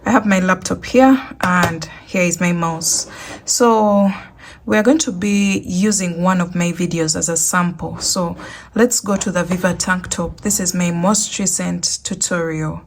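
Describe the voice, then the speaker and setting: A woman's voice: lowish voice, fairly even intonation, a little slow, a little hiss or hum. A woman hosting a crochet tutorial, talking casually and walking through each step, often repeating herself. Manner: chatty, repeats instructions.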